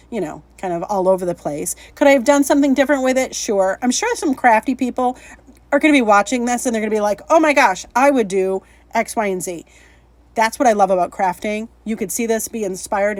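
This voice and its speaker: A woman's voice: medium pitch, no room sound. A woman hosting a casual craft tutorial vlog, chatty and upbeat, laughing at her own slips. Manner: chatty, upbeat, self-deprecating, laughs often. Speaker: craft channel host.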